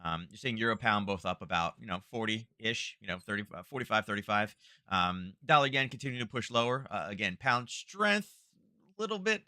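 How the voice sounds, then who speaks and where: A man with a lowish, bright, forceful voice runs a live trading stream. His talk rambles and is full of fillers, with an easygoing, unscripted flow. The sound is dry and close. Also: lively intonation, fairly quick, no echo. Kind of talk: casual live market commentary.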